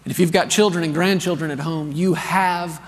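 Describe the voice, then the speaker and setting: A man's voice: fairly high pitch, normal speed, big-room sound, slight background noise. A man in his thirties preaching a sermon, telling a story and calling on the congregation to answer back. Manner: storytelling, animated and earnest, calls for responses. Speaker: pastor. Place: large church hall.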